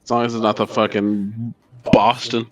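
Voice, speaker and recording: A man's voice: fairly low pitch, level tone, moderate pace. A man playing a tabletop role-playing game, joking around and swearing casually. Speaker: player.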